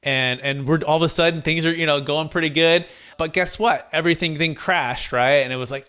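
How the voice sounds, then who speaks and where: A man telling a client story in an interview, lively, acting out the voices of the people he quotes. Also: on the high side, fairly quick, smooth. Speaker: guest, tax deferral advisor.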